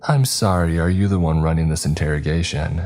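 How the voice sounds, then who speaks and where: A man voicing a composed, authoritative woman who runs a facility, in a storybook-style horror reading. Her speech is smooth and probing. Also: rumbling low, fairly even intonation, brisk, a little mellow, soft background music. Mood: cool. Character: cold composed female facility boss.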